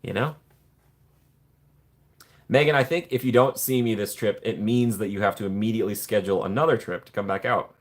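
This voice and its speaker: A man hosting a casual live stream, chatting warmly with viewers and greeting them by name from the chat. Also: fairly low pitch, a little fast, long pauses. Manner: playful put-on excited voices when joking. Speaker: livestream host reading chat.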